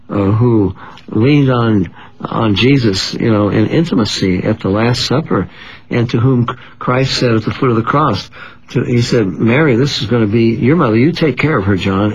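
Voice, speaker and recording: A man's voice: medium pitch, breathy edge, muffled recording. An older man discussing scripture in an emphatic, preacher-like manner, pressing each point. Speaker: guest Bible teacher. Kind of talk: conversational religious discussion.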